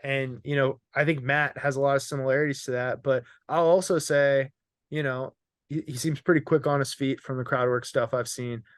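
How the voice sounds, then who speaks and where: A young man chats casually on a comedy podcast, wandering through joking stories and laughing as he goes. His voice sits at an ordinary pitch. The recording is close and dry, with no room sound. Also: fairly even intonation, moderate pace, clear, resonant tone, dry recording. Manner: joking, rambling storyteller, laughs often. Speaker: podcast host.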